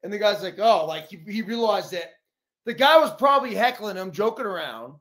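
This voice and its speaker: High-voiced man in profane sports chat. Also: lively intonation, a little fast, fairly bright tone, echoey room. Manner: loose, profane, explains with gestures.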